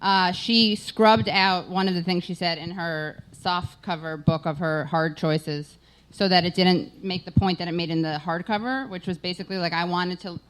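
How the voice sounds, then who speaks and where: A woman's voice: on the low side, normal speed. A woman hosting a live podcast, rambling through jokey anecdotes.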